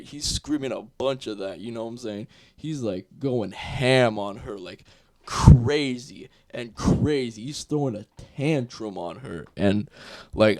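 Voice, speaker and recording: A young man telling a casual story time in a loose, profane way, full of fillers, growing louder as the story heats up. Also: lowish voice. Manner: gets louder and more worked up as the story heats up. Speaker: vlogger.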